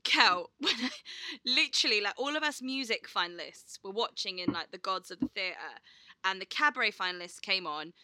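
Young woman, podcast co-host, very bright, dry close sound, chatty and laughing. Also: medium pitch, expressive, normal speed, no echo. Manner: chatty storyteller, laughs often, swears casually. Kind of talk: casual chat.

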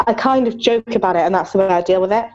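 A woman's voice: mid-range voice, quick pace, darkish tone. Woman, thirties, candid podcast chat, lots of fillers, muffled lo-fi recording. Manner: open and chatty, many fillers, joking self-deprecation.

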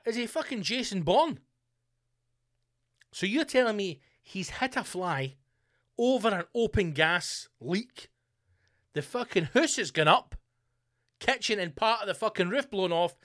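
A man's voice: high voice, a bit bright, no room sound, studio quality. A man hosting a podcast, riffing through a crude, sweary comic monologue. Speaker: podcast host. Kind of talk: casual comedic monologue.

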